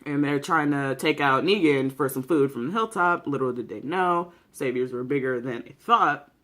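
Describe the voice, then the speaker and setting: Excitable, profane young vlogger. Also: medium pitch, normal speed. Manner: excitable, profane, slangy, filler-heavy. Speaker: YouTuber reviewing a TV series. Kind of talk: casual vlog commentary.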